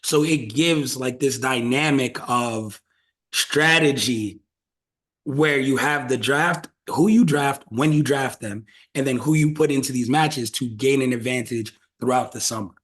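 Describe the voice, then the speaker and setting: A man hosts a casual podcast chat with a middling, everyday pitch. He talks loosely and swears freely. He builds his ideas out loud as he goes. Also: unhurried. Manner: loose, profane, brainstorming out loud. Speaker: podcast host.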